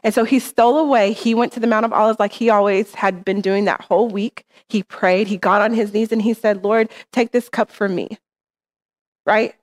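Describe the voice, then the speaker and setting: Earnest woman preaching a casual sermon. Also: medium pitch. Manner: conversational, earnest, checks in with "right?". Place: church.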